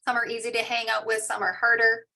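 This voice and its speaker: A woman teaching mindfulness in an online session, guiding a meditation and then reading out and answering participants' shares in a soft, slow, soothing way. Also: on the high side, completely flat delivery, creaky. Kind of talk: guided meditation and parent info session. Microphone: online video call.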